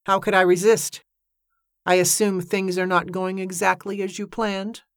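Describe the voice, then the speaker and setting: A woman's voice: mid-range voice, little pitch movement, a little slow, no echo, close to an everyday voice. A defiant young woman who says little and means a lot, as read by a woman. Her remarks are blunt and pointed. The sound is dry and close to the mic.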